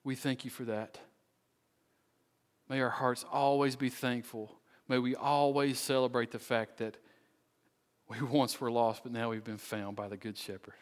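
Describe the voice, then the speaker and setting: A man preaching as pastor, closing his sermon with an earnest appeal and a slow, pleading prayer. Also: medium pitch, steady tone, in a large hall. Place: church sanctuary.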